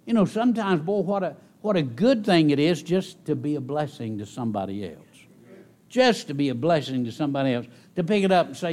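A middle-aged man preaching with a voice of ordinary pitch for a man. He repeats key phrases and swings between loud, rising bursts and quiet, low asides. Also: normal speed. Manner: animated preaching with sudden loud rises and soft drops. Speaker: pastor. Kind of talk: sermon.

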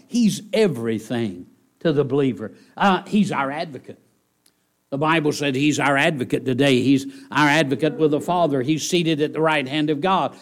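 A middle-aged man preaching a sermon, emphatic and repetitive, slowing down on key words and surging in volume. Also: fairly high pitch. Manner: emphatic, repetitive preaching with dramatic slowdowns and surges.

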